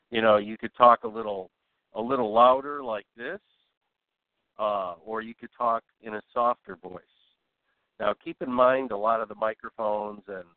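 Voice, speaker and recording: A man's voice: mid-range voice, no room sound. Man teaching voice over a tinny line. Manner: relaxed, rambling, with many fillers and restarts. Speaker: voice coach. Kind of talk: informal spoken lesson. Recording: tinny, dry phone-like sound.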